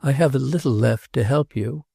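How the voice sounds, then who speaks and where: A male audiobook narrator voicing a restless, earnest princess who speaks gravely and pleads. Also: medium pitch, normal speed, warm tone, no echo, clean studio sound. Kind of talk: audiobook character reading.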